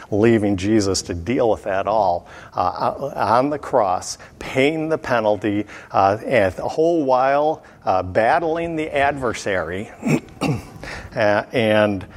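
A man giving verse-by-verse Bible teaching in an unhurried way, often pausing with fillers and clearing his throat. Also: fairly low pitch, long reverb tail.

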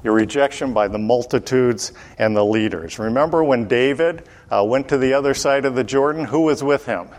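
A man teaches through a Bible passage in a mid-pitched voice. He keeps putting questions to his listeners and answering them himself. When he reads scripture aloud, his voice rises. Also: normal speed, few pauses, darkish tone.

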